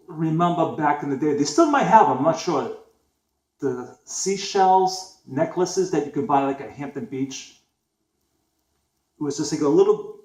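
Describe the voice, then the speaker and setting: A man's voice: fairly high pitch, a little mellow. A man in his forties with a Boston accent, telling a story in a rambling, casual way, full of fillers, restarts and swearing. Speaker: vlogger. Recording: echoey room.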